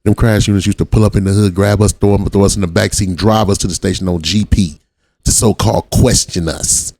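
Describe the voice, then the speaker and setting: A man's voice: low voice, fairly even intonation, brisk, a little mellow, no echo. A man from Watts giving blunt, profane reaction commentary on a video as the channel host. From Watts, Los Angeles. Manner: blunt, profane street talk.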